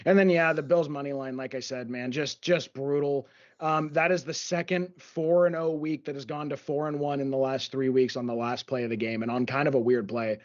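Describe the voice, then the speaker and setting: A man's voice: medium pitch, steady tone, fairly quick. A man co-hosting a sports betting podcast, telling stories and recapping games in a rambling, enthusiastic way. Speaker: podcast co-host. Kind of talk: casual sports betting chat. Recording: dull lo-fi audio.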